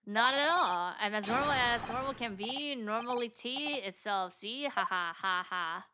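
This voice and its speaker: A woman's voice: a little high, animated, unhurried, background noise. A woman streamer reading a game's dialogue aloud and voicing every character herself, with casual asides between lines. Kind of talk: reading game dialogue aloud in a let's-play. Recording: game music playing underneath.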